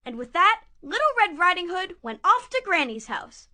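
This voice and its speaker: A woman narrating a puppet show fairy tale in a playful, expressive way. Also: very high voice, moderate pace.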